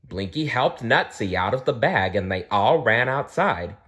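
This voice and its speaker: A man reading a children's storybook aloud, gently and with small restarts. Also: medium pitch, expressive, measured pace.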